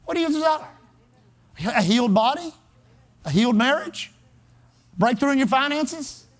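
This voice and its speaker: A man's voice: very high voice, lively intonation, moderate pace. A man preaching a sermon as pastor, driving his points home with emphatic repetition.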